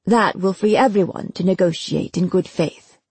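A woman doing Karn, a smooth spy master. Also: on the low side, moderate pace, darkish tone, dry recording.

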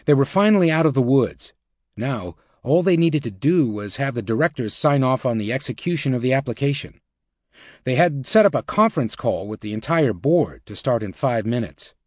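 This is scripted nonfiction narration by a male audiobook reader, paced evenly and pitched in the middle. The recording is close and dry, with no echo and no room around the voice.

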